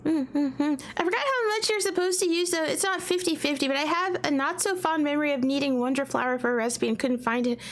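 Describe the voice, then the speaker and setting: A woman's voice: high voice, a little fast, hardly any pauses. A woman from the American South chatting casually on a live stream, giggly and rambling.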